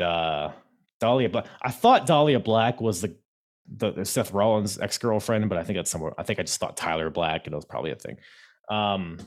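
Low, lively-voiced man hosting a podcast. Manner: halting, many fillers and restarts, laughs easily. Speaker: podcast host. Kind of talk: casual wrestling chat.

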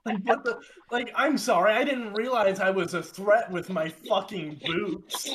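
A young man telling a story in a casual, animated and exasperated way, swearing often. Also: high voice, measured pace, background noise. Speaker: podcast co-host telling a story.

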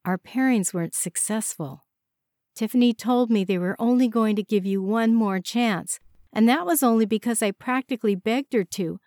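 An earnest young woman pleads and presses in a storybook reading, as a woman narrator puts her on. The voice sits a little high and sounds dry and close. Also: normal speed, darkish tone, no echo, natural voice. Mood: urgent. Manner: pleading, insistent.

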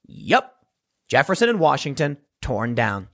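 A male commentator holding forth in a sarcastic monologue. His voice sits high and sounds husky, and it rises and falls in big, lively swings. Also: normal speed. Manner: animated, sarcastic, mocking voices of others. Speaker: political commentator. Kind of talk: opinion monologue.

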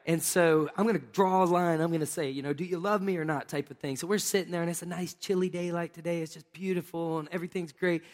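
A male pastor giving a sermon, telling funny personal stories in an animated, playful way and acting out scenes with exclamations. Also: fairly high pitch, quick pace, hardly any pauses. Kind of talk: sermon with humorous personal storytelling. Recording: long reverb of a large hall.

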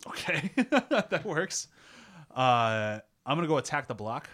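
A man's voice: on the high side, big pitch swings, slow pace, a bit bright. Easygoing man hosting a movie podcast. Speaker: podcast host. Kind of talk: casual film review chat.

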